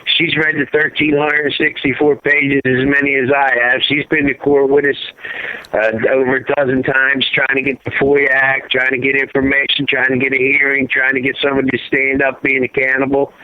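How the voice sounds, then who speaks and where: A man's voice: medium pitch, completely flat delivery, moderate pace, no room sound. A middle-aged man, father of a fallen serviceman, telling his story as a guest over the phone in a rambling way, full of "you know" and "uh". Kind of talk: emotional phone interview. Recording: tinny phone line, dry.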